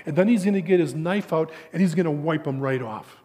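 A male pastor preaching a sermon and telling a story, with halting repetitions and a hushed voice for emphasis. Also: on the high side, big-room sound. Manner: halting, repeats words often, drops to a hushed voice for emphasis.

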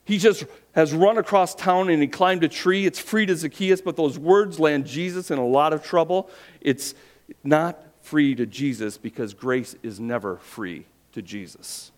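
A pastor preaching a sermon, telling a story with rhetorical questions and dropping his voice quiet for emphasis. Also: a little high, a little slow.

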